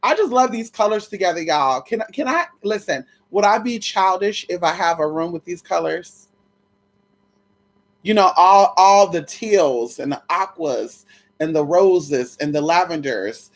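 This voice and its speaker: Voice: medium pitch, expressive, a little slow. Sassy, chatty livestream host. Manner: sassy, chatty, greets viewers one by one; swears freely. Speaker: livestream host greeting viewers. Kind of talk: casual live chat.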